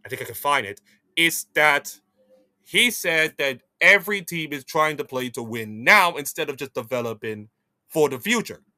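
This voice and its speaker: A man hosts an esports news show, thinking aloud in a rambling, animated way and often restarting his sentences. His voice is very bright and sits a little high. The sound is dry and close. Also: normal speed, no echo. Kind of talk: opinionated esports commentary.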